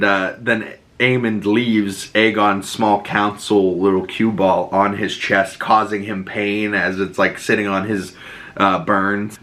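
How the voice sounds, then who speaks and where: A man's voice: on the low side, pushed and bright. A young man hosting a podcast, recapping a TV episode in a loose, profane, filler-heavy casual way. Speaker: podcast host.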